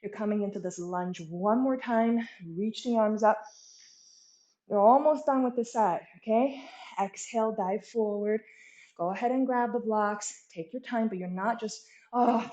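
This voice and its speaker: A woman teaching a guided yoga class, giving steady cues and checking in with "okay?" as she goes. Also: medium pitch. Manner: encouraging, frequent "okay?" check-ins. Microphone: earbud mic. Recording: roomy echo.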